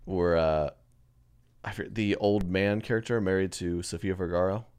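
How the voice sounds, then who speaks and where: A man's voice: low voice, fairly even intonation, normal speed, a little mellow, smooth. A young man co-hosting a casual podcast, joking and laughing often. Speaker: podcast co-host. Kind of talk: casual chat.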